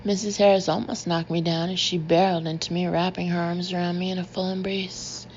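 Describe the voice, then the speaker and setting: A woman narrating an audiobook in the first person, with a steady and measured delivery. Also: on the low side, dull audio, a little hiss or hum.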